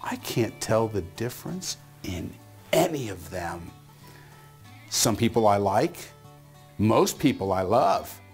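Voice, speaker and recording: A middle-aged man giving a motivational talk, telling a story in an animated way and acting out the voices in it. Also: lowish voice, takes it slowly, pauses often, soft background music. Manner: animated, acts out voices in his stories. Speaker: motivational speaker.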